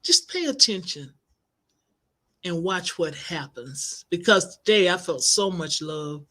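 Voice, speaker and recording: Animated woman telling an inspiring story. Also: fairly low pitch, slow. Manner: animated, expressive, acts out quoted voices. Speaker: life coach and minister.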